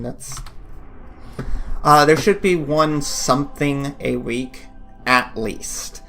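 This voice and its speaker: A man's voice: mid-range voice, a little slow, vocal fry, a bit bright, a little hiss or hum. A man hosting a gaming channel, giving rambling, jokey, self-deprecating commentary while he plays. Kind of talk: casual gameplay commentary. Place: home office.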